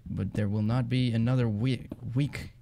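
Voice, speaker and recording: Chatty Dutch-accented male gamer, mid-pitched, casual rambling commentary, faint hiss on the track. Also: moderate pace, gravelly. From Netherlands. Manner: rambling, chatty, easily excited. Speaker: gaming channel host. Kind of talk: casual let's-play commentary.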